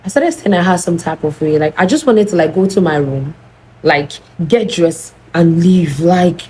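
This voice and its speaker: A young Nigerian woman with a Nigerian accent telling a storytime vlog, animated and acting out both sides of the dialogue. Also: on the low side, normal speed, low-quality recording. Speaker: vlogger.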